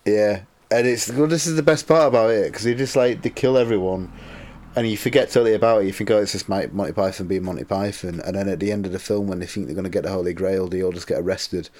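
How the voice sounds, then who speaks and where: A low-voiced man co-hosts a podcast, rambling on and laughing along the way. His voice sits near the bottom of a man's range. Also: fast talker, a little mellow. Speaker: podcast co-host. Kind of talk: casual podcast chat.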